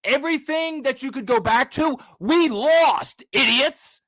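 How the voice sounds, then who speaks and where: A livestream host with a high-pitched voice rants in an unhurried but confrontational, profane way, often rising into shouting. He is recorded close and dry, with no room echo.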